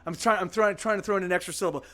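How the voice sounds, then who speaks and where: Middle-aged male streamer-musician, higher pitch, rambling casual talk, guitar faint under him. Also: rapid-fire, sharp tone. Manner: rambling, restarts, swears casually. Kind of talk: casual chat between songs.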